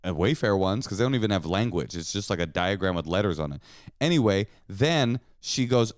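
Male co-host, comic and mock-indignant, very expressive, clean dry studio sound. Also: fairly low pitch, a little fast, no echo. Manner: animated, sarcastic, mock-indignant. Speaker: podcast co-host. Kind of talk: bickering comedic chat with his wife.

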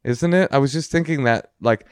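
A man's voice: medium pitch, fairly quick, smooth, no echo. A man co-hosting a podcast as a comedian, rambling through stories with jokey, ironic asides on a close mic. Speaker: podcast co-host, stand-up comedian. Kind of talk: casual comedic chat.

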